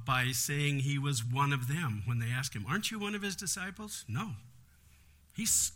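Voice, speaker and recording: Bright-voiced man teaching scripture. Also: medium pitch. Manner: earnest and explanatory, with frequent asides. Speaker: Bible study teacher. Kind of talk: conversational Bible teaching.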